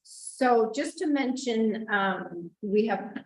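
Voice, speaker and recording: A woman explaining grant details at a public board meeting, halting and repeating words as she goes. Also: on the high side, lively intonation. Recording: roomy echo, distant mic.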